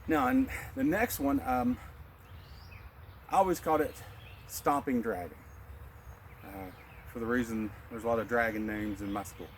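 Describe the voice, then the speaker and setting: A male martial arts instructor leading a qigong class, calmly cueing each breath in and out and explaining the moves in a relaxed way. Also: medium pitch, moderate pace, pauses often, a little hiss or hum.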